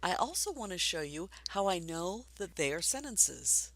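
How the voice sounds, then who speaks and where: A woman teaching a basic reading lesson for adults, patient and encouraging, speaking slowly and clearly. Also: on the low side, big pitch swings, fairly bright tone, no room sound.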